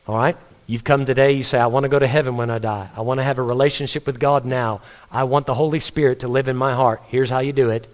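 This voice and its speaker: A man's voice: mid-range voice, steady tone, fast, hardly any pauses. A man, a pastor delivering an earnest, conversational sermon with stories. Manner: earnest, conversational preaching with story-telling.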